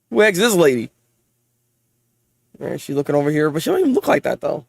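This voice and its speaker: An excitable young man reacting live to a manga chapter, his voice pitched high and swinging widely up and down. He trips over repeated words and breaks into laughter often. The sound is dry and close. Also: fast, gravelly, pauses often, no room sound.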